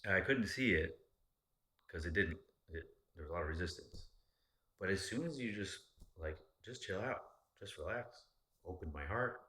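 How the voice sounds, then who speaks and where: A man with a low, deep voice that still has a forceful, bright edge. He talks casually as a podcast host, rambling and swearing freely, with an animated delivery. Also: normal speed. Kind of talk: casual chat.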